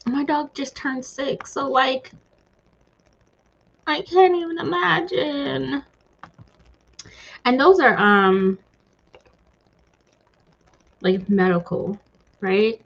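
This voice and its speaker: Emotional, rambling woman with a husky voice. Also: sits high, extremely slow, pauses often, muffled recording. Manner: emotional, rambling, many fillers and restarts. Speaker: host of a reading stream. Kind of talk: casual chat with live viewers.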